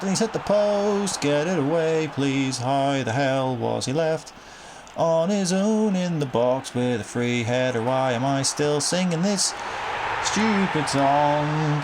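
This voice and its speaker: A young man talks over his football game in a casual, wry way, sighing at goals and swearing now and then. His voice is gravelly with fry at the ends of phrases. There is clear noise behind him throughout the recording. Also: medium pitch. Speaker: gaming commentator.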